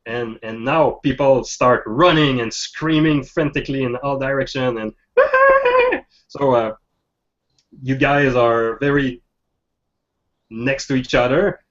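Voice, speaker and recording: A man narrating a tabletop game as game master, with halting, restart-filled speech. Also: medium pitch, steady tone. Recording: dull lo-fi sound.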